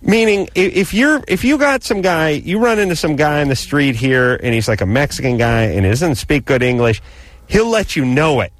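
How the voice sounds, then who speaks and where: A man's voice: on the high side, lively intonation, normal speed. A man co-hosting a late-night call-in radio show, chatting casually and telling rambling, sardonic stories.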